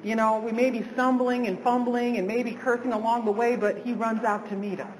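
A woman's voice: fairly high pitch, fairly even intonation, brisk. A woman with a mid-range voice offers an affirming comment in a Bible class. The room has a long reverb, and faint noise sits in the background.

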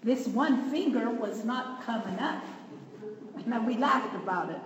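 A woman excitedly sharing a plainspoken church testimony in a folksy way. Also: a little high, measured pace, reverberant, long reverb tail, crowd noise, poor audio. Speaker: church member giving testimony. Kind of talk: personal testimony.

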